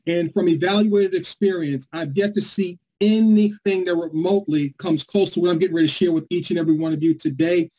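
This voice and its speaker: A man's voice: high-pitched, mellow, low-quality recording. Hyped man hosting an online webinar. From New York. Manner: upbeat, hyped greeting of viewers by name. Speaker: webinar host. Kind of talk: live online presentation.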